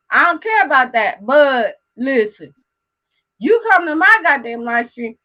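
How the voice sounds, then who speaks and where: Very high, lively, bright-voiced woman streamer. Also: unhurried, narrow, tinny audio. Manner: heated, profane, emphatic, repeats herself. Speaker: live stream host. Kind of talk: casual live stream rant.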